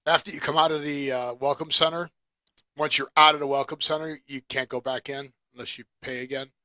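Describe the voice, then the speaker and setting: A man co-hosting a relaxed podcast, his voice bright and forward. He sits a little above the usual male pitch and keeps needling his partner with playful follow-up questions. The sound is dry and close. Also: fairly quick, no echo. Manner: teasing, keeps pressing with questions. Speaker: podcast co-host. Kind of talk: casual chat.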